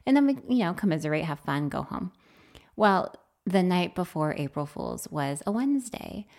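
A woman's voice: on the low side, moderate pace, vocal fry. A woman co-hosting a podcast, chatting casually with her spouse and telling stories with lots of laughter. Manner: animated, laughing storyteller. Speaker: podcast co-host.

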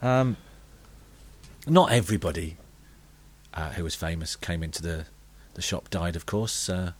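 A British man with a fairly low voice spins deadpan, meandering stories in a comedy podcast chat. He stops and restarts often, stacking fillers as he goes. He sounds middle-aged. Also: a little slow. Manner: deadpan, rambling anecdotes with many fillers. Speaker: podcast co-host telling comic stories.

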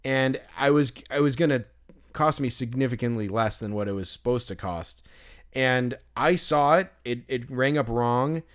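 A man's voice: medium pitch, normal speed. A young adult man, co-host of a podcast, telling a long, rambling story in a casual chat, with lots of restarts and some swearing.

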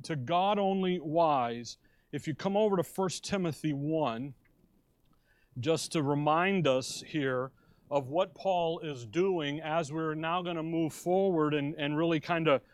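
A man's voice: a little high, dry recording. An American man preaching a sermon in a conversational way, restarting phrases and stressing key words. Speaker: pastor. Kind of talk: expository sermon.

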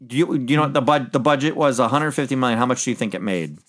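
A man's voice: mid-range voice, rapid-fire. Casual man reviewing a movie. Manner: rambling, restarts, laughs often. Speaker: podcast host.

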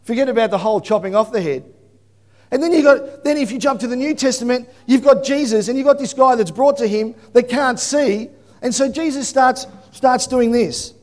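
A man preaching a sermon in an animated storytelling manner that bursts into shouting. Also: extremely high pitch, normal speed. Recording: long hall reverb.

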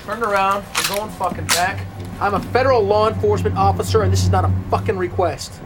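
A gruff male federal officer barks profane orders in a high, strained voice, as an actor plays him in a film scene. A film score plays loudly behind him. He talks in short, commanding bursts. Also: steady tone, brisk, music in the background, natural voice. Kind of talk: film dialogue.

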